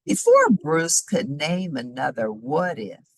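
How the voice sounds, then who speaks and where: A woman reads a children's storybook aloud with a low, husky voice that swoops up and down with great expression. The sound is dry and close, with no room around it. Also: slow pace, no room sound, poor audio. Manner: animated, sing-song reading. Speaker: storybook reader.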